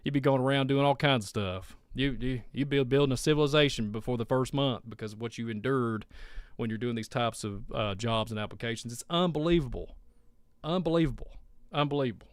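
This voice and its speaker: A man's voice: mid-range voice, steady tone, fairly quick, clear, resonant tone, dry recording. A man hosting a live stream, rambling and heartfelt as he thanks viewers and signs off. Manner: rambling, heartfelt, repeats himself. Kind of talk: casual live stream sign-off.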